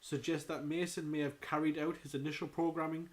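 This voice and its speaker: Man, slightly high voice, chatty, jokey podcast co-host. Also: flat delivery. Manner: chatty, jokey, quick asides. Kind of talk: casual chat.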